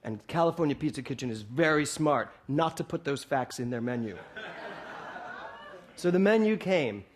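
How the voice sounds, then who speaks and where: Higher-voiced man giving a playful sermon. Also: lively intonation, moderate pace. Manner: playful storytelling, acting out dialogue. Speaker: minister. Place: hall, before a congregation.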